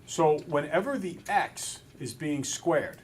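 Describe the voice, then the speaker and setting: A male math teacher in a classroom, relaxed and a little self-deprecating, talking through each step aloud. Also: on the high side, takes it slowly, slight background noise. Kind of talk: classroom lesson. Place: school classroom with students.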